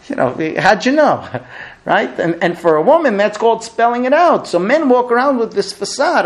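A man's voice: very high-pitched, moderate pace. A middle-aged man teaching a recurring class as a rabbi, telling funny stories and acting out the quoted lines. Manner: animated storyteller, acts out quoted dialogue. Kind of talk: lively classroom lecture with humor.

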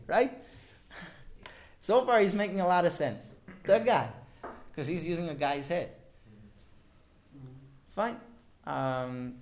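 A male teacher tells his class a story with animation, often turning to question the students directly. His voice is on the high side.

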